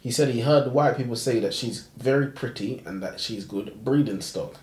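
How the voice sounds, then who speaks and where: A man's voice: mid-range voice, normal speed, darkish tone, echoey room. A young man co-hosting a casual book chat, joking and laughing a lot in slangy speech. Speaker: book podcast co-host.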